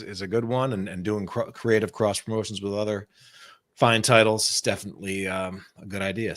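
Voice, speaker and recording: Man hosting a livestream. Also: fairly low pitch. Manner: relaxed, filler-heavy, friendly wrap-up. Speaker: livestream host. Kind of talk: livestream chat.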